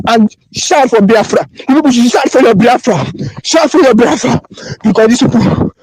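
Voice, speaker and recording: A man's voice: high voice, darkish tone, husky, no echo, low-quality recording. A man with a Nigerian accent recording an impassioned voice note on his phone, pleading and repeating himself with emotion. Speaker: voice-note sender.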